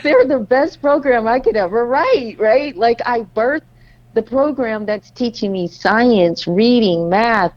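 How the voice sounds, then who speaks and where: Warm-voiced woman telling a family story. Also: medium pitch, muffled recording. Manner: animated storyteller acting out family dialogue. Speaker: podcast co-host. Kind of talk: casual storytelling chat.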